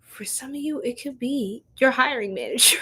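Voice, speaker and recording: A woman's voice: sits high, normal speed, pushed and bright, breathy edge. A young woman giving a chatty live-stream tarot reading, laughing often and talking straight to her viewers in slang. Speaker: tarot reader.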